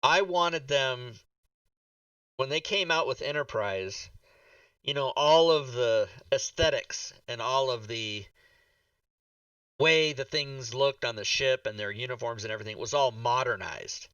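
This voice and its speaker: A man hosting a podcast, telling a rambling, animated story full of swearing and acted-out reactions. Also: mid-range voice, unhurried, no echo, recorded from a distance, dull audio. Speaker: podcast host. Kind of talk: casual chat.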